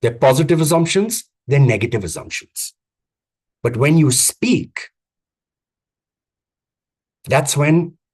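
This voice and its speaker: A man giving a live online coaching talk on vocal presence, speaking emphatically with repeated phrases and deliberate pauses. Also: medium pitch, darkish tone, breathy edge. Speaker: communications coach. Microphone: video call.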